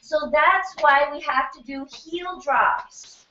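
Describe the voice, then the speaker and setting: A woman health practitioner leading a lively workshop lecture, firing questions at her audience in an animated way. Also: high-pitched, takes it slowly. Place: event room in New York City. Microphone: distant room mic. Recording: echoey room, distant mic, muffled, faint noise.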